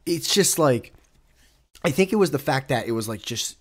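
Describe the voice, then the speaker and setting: A man's voice: mid-range voice, expressive, moderate pace, long pauses. A young man hosting his own podcast alone, talking casually in a rambling, profane way that keeps breaking off into asides. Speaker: podcast host. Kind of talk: casual solo podcast monologue.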